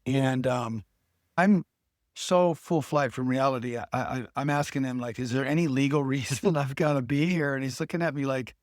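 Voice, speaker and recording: A middle-aged man recounts his life in an earnest, conversational way. His voice sits in an ordinary middle pitch. The sound is close and dry, with no room around it. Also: normal speed, no room sound. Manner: earnest storytelling with quoted dialogue. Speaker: podcast guest. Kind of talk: personal testimony in casual talk.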